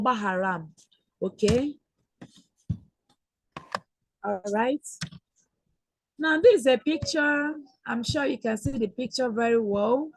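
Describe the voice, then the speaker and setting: A woman teaching Igbo words to children in a webinar, repeating phrases slowly and patiently. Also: on the high side, no echo, low-quality recording. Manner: slow, repetitive teaching with drawn-out Igbo phrases. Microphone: computer mic on a video call.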